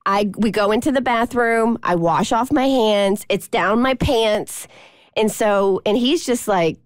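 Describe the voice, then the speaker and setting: A woman's voice: on the high side, measured pace, no room sound, clean studio sound. A woman co-hosting a radio show, telling a funny story in a casual way and acting out the voices of the people in it. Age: adult mother of a toddler. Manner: animated, acts out voices in her stories. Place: radio studio.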